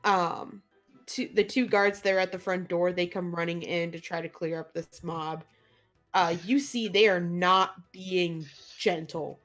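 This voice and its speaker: Woman game master, slow talk, relaxed narration, pauses, faint music behind. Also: on the low side. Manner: relaxed narration with frequent "uh" and laughs.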